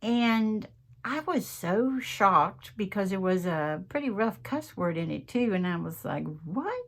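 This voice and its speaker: A woman's voice: medium pitch, lively intonation, a little slow, fairly bright tone. Chatty Southern woman in her sixties. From American South. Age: 60s. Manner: chatty, earnest, folksy, with many "y'all" and "you know". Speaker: craft channel host. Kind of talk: casual chat to camera.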